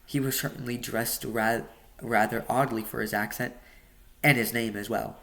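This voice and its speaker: A man's voice: medium pitch, fairly even intonation, normal speed, creaky, fairly bright tone. A man reading his novel aloud casually, stumbling and adding joking asides. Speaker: audiobook reader.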